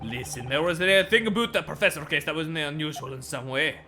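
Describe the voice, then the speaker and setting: A man's voice: on the high side, fast, bright, forceful tone, faint music behind, pitched above the performer's own voice. A man putting on a blustering Scottish prison governor. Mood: gruff. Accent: put-on Scottish. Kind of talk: video game voice acting on stream.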